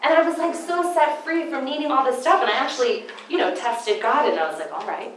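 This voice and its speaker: A woman speaking at a Christian seminar in an echoey room, with a little noise in the background. She tells personal stories in an animated way and acts out what she once thought. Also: fairly high pitch, brisk, hardly any pauses. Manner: animated storytelling, acting out her own past thoughts. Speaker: conference speaker.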